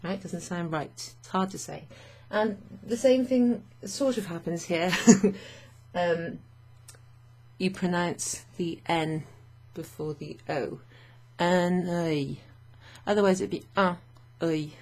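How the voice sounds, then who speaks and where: A woman's voice: lowish voice, takes it slowly, darkish tone. A woman teaching French vocabulary to learners, chatty and thinking aloud with fillers and frequent little laughs.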